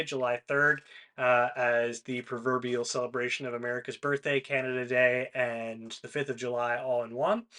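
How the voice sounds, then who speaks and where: A man narrating and hosting a tabletop game stream as game master, relaxed and full of fillers. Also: medium pitch. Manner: relaxed, hesitant with many fillers.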